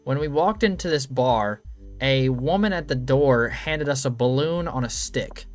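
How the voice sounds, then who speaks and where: A man's voice: medium pitch, measured pace. Profane rambling young man storyteller. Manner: profane, rambling, animated storytelling with lots of fillers. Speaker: channel host. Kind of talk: casual storytelling to camera.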